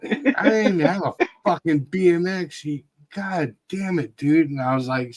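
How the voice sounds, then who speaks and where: A middle-aged man telling a casual story, swearing freely, and shouting out quoted lines. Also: a little high, moderate pace. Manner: profane, laid-back storytelling with shouted quotes. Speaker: podcast host. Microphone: video call.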